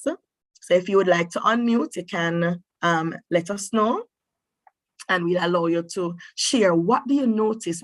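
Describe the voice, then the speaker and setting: A woman teaching a maths lesson online over a computer microphone. She encourages her students and thinks aloud with drawn-out hmms. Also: fairly high pitch, no echo. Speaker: mathematics teacher.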